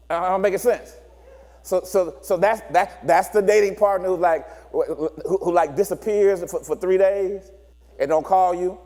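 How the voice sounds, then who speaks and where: A man's voice: sits high, moderate pace, big-room sound. A man preaching a sermon, acting out children and couples as he explains. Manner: animated preacher acting out voices of children and partners. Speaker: pastor.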